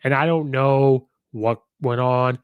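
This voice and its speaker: Male sports-talk host, mid-pitched, opinionated, dry close sound. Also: fairly even intonation, slow pace, clean tone, dry recording, phone-quality sound. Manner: chatty, opinionated, acts out quotes. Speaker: host and football commentator. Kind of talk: casual sports commentary.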